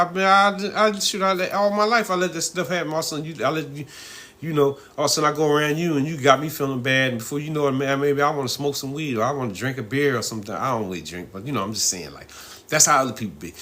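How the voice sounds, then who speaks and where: A middle-aged man chatting on his own live stream in a bright, forceful voice pitched a little high for a man. He rambles loosely, chuckles often and keeps checking in with his listeners. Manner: loose, rambling, laughs often, frequent "you know what I mean". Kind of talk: casual live-stream talk.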